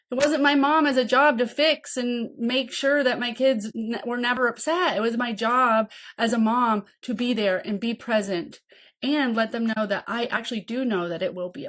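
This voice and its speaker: A woman in her thirties, a podcast host and mentor trainer, talking casually and checking in with "okay?" and "right?". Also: on the high side. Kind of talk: casual teaching talk.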